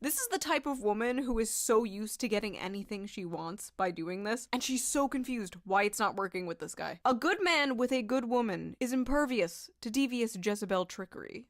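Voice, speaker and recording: A woman's voice: a little high, animated, moderate pace, few pauses, dry recording, studio quality. Woman streamer reading texts sarcastically. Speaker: streamer reacting to videos. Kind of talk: reaction commentary, reading texts aloud.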